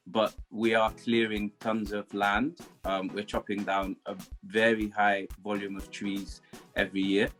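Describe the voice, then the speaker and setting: A man with a British accent, a guest in a casual interview, explaining in a calm, measured way. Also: on the low side. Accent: British English.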